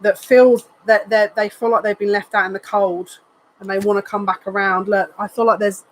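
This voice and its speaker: Psychic reader, live tarot reading, earnest and emotional, repeats phrases, middle pitch, faint background hiss. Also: level tone, normal speed, poor audio. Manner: emotional, says they are near tears.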